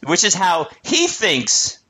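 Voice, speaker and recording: Lively profane man cracking jokes. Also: sits high, takes it slowly, husky. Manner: profane, laughing, mocking. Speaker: podcast co-host. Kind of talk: casual comedic commentary.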